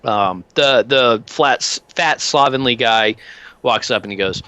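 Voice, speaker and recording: A man's voice: medium pitch, measured pace, bright, forceful tone, smooth, dry recording. A man narrating a tabletop game as game master, in a casual way with plenty of um and uh. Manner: casual narration with many fillers.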